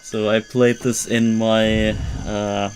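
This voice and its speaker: Slow, rambling German-accented man. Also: lowish voice, level tone, darkish tone, a little hiss or hum. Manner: rambling, frank, swears casually. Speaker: streamer. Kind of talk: casual gameplay commentary.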